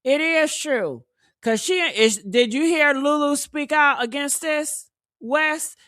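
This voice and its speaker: A woman's voice: sits high, takes it slowly, a bit bright, dry recording, studio quality. A woman hosting a casual livestream chat, sassy and teasing, laughing often. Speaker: live show host.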